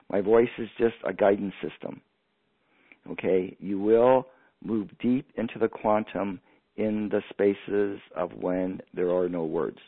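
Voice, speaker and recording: A man leading a guided energy meditation on a radio show, giving calm, slow, reassuring instructions over a phone line. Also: fairly low pitch, creaky, husky. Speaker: energy healer guiding listeners. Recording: tinny phone line, dry.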